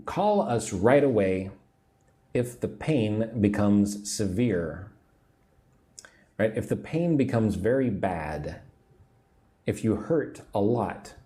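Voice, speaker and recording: Patient American teacher in his forties, slow and mellow, with a lively, rising-and-falling delivery as he drills pronunciation. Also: fairly low pitch. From United States. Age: 40s. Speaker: English teacher. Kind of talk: livestream English lesson, reading viewer comments.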